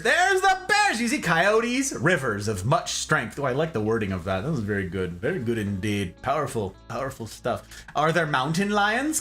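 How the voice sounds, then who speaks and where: A man chatting with his stream audience in a playful, jokey way. His bright voice swings widely in pitch. Soft music plays faintly behind him. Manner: playful, animated, jokey banter with chat. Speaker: game streamer reading chat. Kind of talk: casual live-stream chat.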